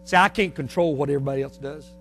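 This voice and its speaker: A man with a Northern US accent preaches in a folksy, emphatic way, his voice pitched high for a man. He swings from loud bursts down to quiet, low asides. A faint hum runs under the recording. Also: rapid-fire. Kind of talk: sermon.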